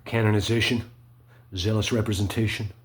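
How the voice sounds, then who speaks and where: A man in a rambling monologue, full of "right?" and "you know" fillers, swinging between low mutters and sharp emphatic spikes. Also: little pitch movement, moderate pace.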